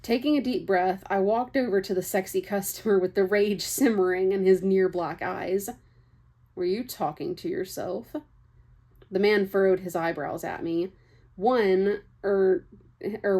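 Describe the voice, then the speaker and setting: A woman's voice: medium pitch, steady tone, moderate pace, warm tone. Young woman reading a novel aloud. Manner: chatty, laughs and breaks off for casual asides. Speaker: book reader.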